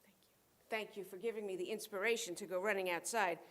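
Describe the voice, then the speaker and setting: A woman leading a holiday service in a casual, excitable and exclamatory way. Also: mid-range voice, fairly quick. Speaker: service leader.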